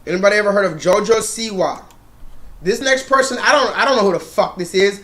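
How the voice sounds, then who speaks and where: Man, very high voice, profane live-stream rant, mocking, loud. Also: a little fast. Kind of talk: ranting live stream commentary.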